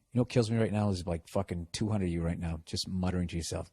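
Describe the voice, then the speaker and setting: A man's voice: deep voice, a little fast, darkish tone, husky. Profane Boston man ranting. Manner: profane, sarcastic, reads listener letters aloud. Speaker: podcast host. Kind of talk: casual comedic rant.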